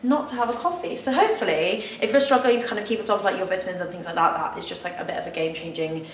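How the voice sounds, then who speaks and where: A woman's voice: lowish voice, racing, a little hiss or hum. A young woman vlogging casually at home, chatty and candid, full of "like" fillers. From England. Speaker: lifestyle vlogger. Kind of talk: casual confessional vlog. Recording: echoey room, faint ambience.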